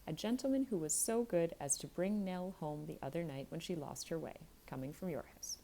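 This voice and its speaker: A woman voicing a weary old grandfather who answers gravely, in a bedtime storybook reading. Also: low-pitched, fairly quick, mellow, slight background noise.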